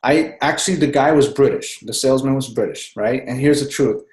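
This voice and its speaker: An excited man chats on a group call in a mid-pitched voice, rambling from one thought to the next and tossing in "man" at the end of his sentences. His voice comes through with a roomy echo, as if heard across a call line. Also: fairly quick. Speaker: team member speaking on a group call. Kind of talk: casual chat on a conference call.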